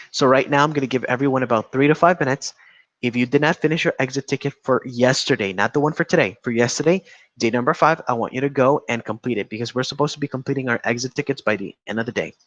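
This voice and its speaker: A man's voice: medium pitch, fairly bright tone. Male teacher on a roomy, dull call. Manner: repeats instructions, calls students by name. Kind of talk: online class teaching.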